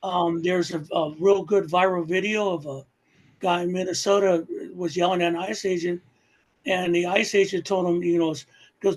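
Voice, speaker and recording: A podcast host with a high voice and fairly even intonation runs a heated, profane political talk show at a moderate pace. His anger makes his voice jump up, swinging loud.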